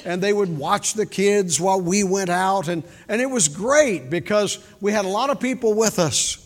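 An older man giving a sermon with folksy storytelling, shifting from loud emphasis to quiet, intimate moments. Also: high-pitched, moderate pace. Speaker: preacher. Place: large church hall. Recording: reverberant church hall.

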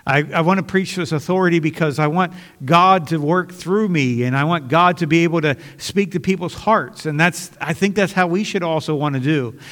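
A male pastor preaches in an earnest, conversational way, often restarting sentences. His voice sits somewhat high and carries a long hall echo. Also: normal speed, hardly any pauses, fairly bright tone. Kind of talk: sermon.

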